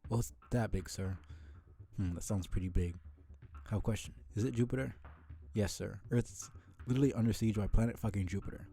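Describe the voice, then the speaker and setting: A man's voice: lowish voice, fairly quick, gravelly, dark tone. Man doing a cocky, rambling teenage boy. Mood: sardonic. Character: laid-back sardonic teenage boy who rambles.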